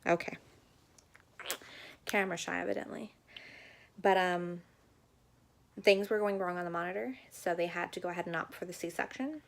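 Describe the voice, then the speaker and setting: Young woman vlogger, low gravelly voice, candid chatty storyteller. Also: normal speed, long pauses. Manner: candid, chatty, frequent ums. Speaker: new mother vlogger. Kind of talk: casual personal storytelling.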